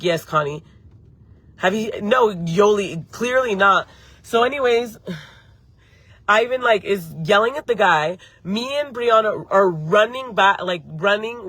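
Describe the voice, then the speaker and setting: A woman tells a story live to her viewers, heated and full of swearing. Her voice is bright and sharp. She keeps breaking off to answer comments from the chat. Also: mid-range voice, no room sound. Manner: heated, profane, talks straight to viewers. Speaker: beauty channel host. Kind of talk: live-streamed story time.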